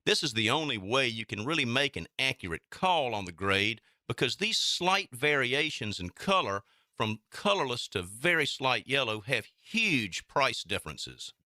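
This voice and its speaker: Male jeweler in a radio ad, assured explanation, bright tone, dry studio sound. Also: mid-range voice, sing-song, moderate pace, dry recording.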